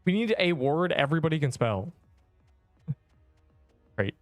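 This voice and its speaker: A man's voice: a little high, very animated, measured pace, no echo, faint music behind. A young man chatting on a game livestream, rambling in slang and joking with mock outrage at his chat. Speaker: game streamer.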